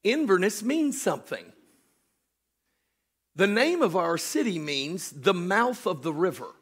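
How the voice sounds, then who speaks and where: A man preaching a sermon, animated, swinging from shouted storytelling to hushed joking asides with his congregation. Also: high-pitched, measured pace, breathy edge. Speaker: pastor.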